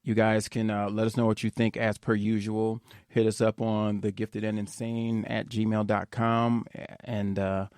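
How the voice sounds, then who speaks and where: A man hosting a podcast, his voice nasal and congested from a cold. He sits fairly low in pitch and speaks in a loose, easygoing way, with fillers scattered through his talk. The sound is dry and close, with no room around it. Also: darkish tone, dry recording. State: congested, under the weather. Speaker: podcast host. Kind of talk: casual podcast chat.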